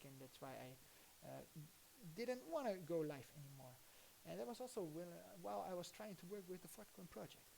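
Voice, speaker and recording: With a little hiss or hum in the audio, a Dutch woman speaks in a lowish, slightly mellow voice. She's live-streaming while using her computer, casually commenting as she thinks aloud, rambles, and stops and restarts.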